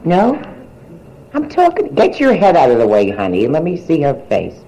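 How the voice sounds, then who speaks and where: With a low, warm voice that swings hugely in pitch and runs a little fast, an older comedian works a nightclub crowd with brassy, bawdy teasing. She holds a steel handheld mic, and the live club recording is roomy, audience included.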